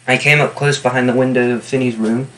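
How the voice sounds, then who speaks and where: Here a mid-range male voice narrates a novel in the first person, steadily, pausing from time to time to add wry, casual comments as its reader and annotator. The audio quality is poor.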